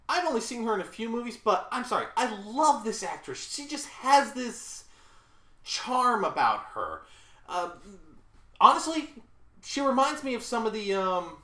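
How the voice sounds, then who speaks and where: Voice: mid-range voice, bright, forceful tone. A reviewer in their thirties from the American South, giving a blunt, casual movie rant and often saying sorry between complaints. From Southern United States. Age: 30s. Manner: blunt and exasperated, with repeated apologies. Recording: roomy echo.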